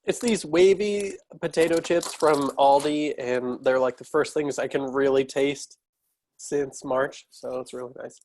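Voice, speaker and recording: A man's voice: medium pitch, steady tone, unhurried, darkish tone, slight background noise. A man playing in a tabletop game, rambling and searching for words in casual chat. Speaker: player.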